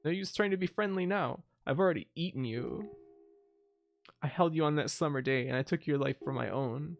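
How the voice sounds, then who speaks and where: A man voicing a brooding young male killer from a video game, reading the lines aloud in a soft, level voice. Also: fairly high pitch, brisk, vocal fry.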